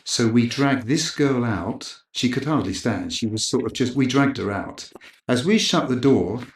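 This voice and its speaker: A middle-aged man, a camera operator guest, telling a lively anecdote in a casual interview and acting out other people's lines. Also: mid-range voice, unhurried. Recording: roomy echo.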